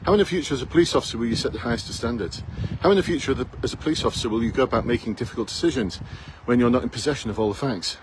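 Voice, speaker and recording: A blunt man in his fifties coaches would-be police recruits, firing off rhetorical questions in a challenging tone. His voice sits at an ordinary middle pitch. Faint town sounds and passing traffic hum behind him outdoors. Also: rapid-fire, hardly any pauses. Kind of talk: direct advice to camera.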